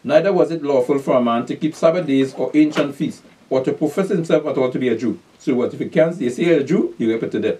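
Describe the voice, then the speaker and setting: A man leads a bible class far from the mic, talking fast with hardly any pauses in a dark, medium-pitched voice. After reading scripture aloud, he explains it with emphatic call-and-response questions and keeps telling people to pay attention.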